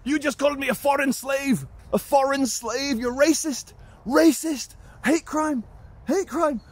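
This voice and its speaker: Man doing a shrill Eastern European guard. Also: a little slow. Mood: outraged accusing. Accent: imitated Eastern European. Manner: repeats shouted accusations. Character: stocky male security guard, indignant and shrill.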